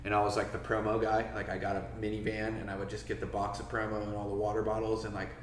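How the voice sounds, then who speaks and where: A man in his forties from Florida, USA, guests on a podcast in a casual storytelling interview, speaking fast in a lowish, monotone voice. He swears freely and acts out quotes in a raised voice. The room is echoey, the mic a bit far, with faint background noise.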